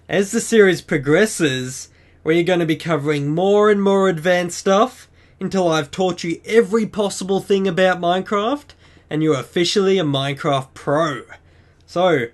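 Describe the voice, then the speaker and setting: Chatty man guiding a game tutorial. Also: sits high. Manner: chatty, upbeat, explains step by step. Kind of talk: screen-recorded game walkthrough.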